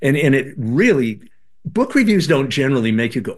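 Older guy telling his story on an interview, lively, does the voices. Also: medium pitch, fairly quick. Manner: animated, acts out quoted voices. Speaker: guest, former band member and author.

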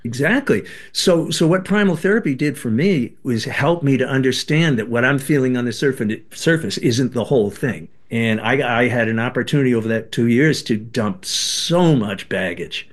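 An older man, a guest on an interview show, telling a personal story in a lively way and acting out the voices he quotes. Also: mid-range voice, normal speed, few pauses. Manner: animated, acts out quoted voices. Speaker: guest, former band member and author.

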